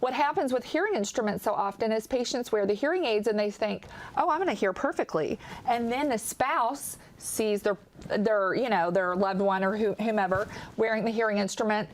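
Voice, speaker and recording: A woman's voice: mid-range voice, moderate pace. A woman with a Kentucky accent, a guest audiologist, explaining things enthusiastically in a TV interview and acting out what patients say. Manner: enthusiastic, acts out patient quotes.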